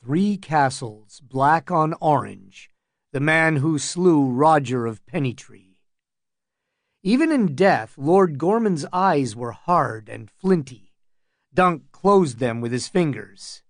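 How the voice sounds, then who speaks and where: A man narrating a fantasy audiobook in a measured, even manner. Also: on the high side, no echo, clean studio sound.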